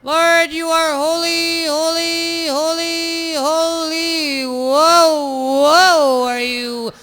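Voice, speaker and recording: A man's voice: steady tone, very slow, very noisy, exaggerated voice. A man playing a priest who drags out every word in a clipped, strained, froggy singsong. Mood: droning, pompous. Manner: high sustained singsong chant. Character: droning male priest, clipped nasal singsong, padding mass. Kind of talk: stand-up character bit.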